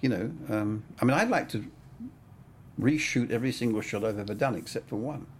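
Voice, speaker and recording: A man's voice: mid-range voice, fairly quick, slight background noise. An older man, a cinematographer, telling stories in a casual interview, rambling with plenty of "I mean" and "you know".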